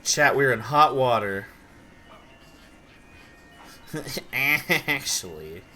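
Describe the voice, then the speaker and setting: A sleepy young man from Idaho chatting casually on a live stream while gaming, rambling with quick outbursts. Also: medium pitch, animated, bright, forceful tone. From Idaho, USA.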